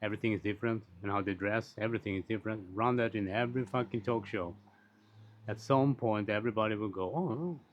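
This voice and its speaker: A man talking in a casual, rambling monologue, blunt and quick to swear, with frequent restarts and asides. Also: fairly low pitch, steady tone, a little hiss or hum. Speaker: commentator on social issues. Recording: dull lo-fi recording.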